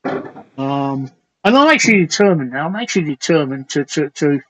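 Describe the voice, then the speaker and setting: A man hosting a late-night live stream chat, slightly hoarse, rambling and crude as he reads out viewer comments. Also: a little high, expressive, moderate pace, a bit bright, poor audio. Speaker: talk show host.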